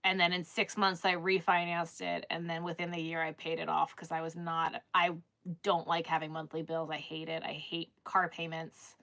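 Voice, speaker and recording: A woman's voice: low voice, monotone, moderate pace, creaky, sharp tone. A woman chatting casually on a live stream, rambling with lots of restarts and filler words.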